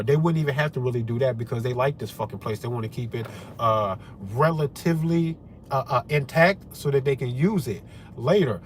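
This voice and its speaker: A man's voice: medium pitch, a little hiss or hum. A man delivering a heated, confrontational political rant to camera, swearing heavily as the host of his own channel. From United States.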